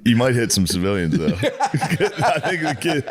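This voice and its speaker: A man in casual podcast chat, telling jokes in a dry, deadpan way. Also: medium pitch, measured pace, crowd noise.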